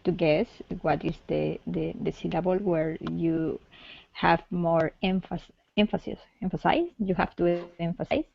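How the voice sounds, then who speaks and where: A woman's voice: fairly low pitch, steady tone, unhurried, vocal fry, no room sound, muffled recording. A woman learning English in class, answering hesitantly and searching for words.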